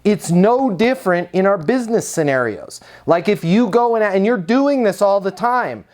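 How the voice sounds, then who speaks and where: A man giving a conversational sales coaching talk and pitch, asking rhetorical questions along the way. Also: lively intonation, normal speed, darkish tone. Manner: conversational, asks rhetorical questions, acts out quotes.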